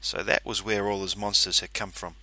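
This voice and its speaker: Lower-pitched man narrating a story. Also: little pitch movement, brisk, pushed and bright, no echo. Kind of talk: first-person story narration.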